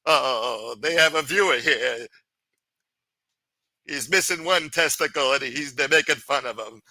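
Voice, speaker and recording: A man's voice: fairly high pitch, a little slow, pushed and bright, no echo, rough recording. A man hosting a livestream, ranting heatedly with heavy profanity and sarcasm. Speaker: livestream host.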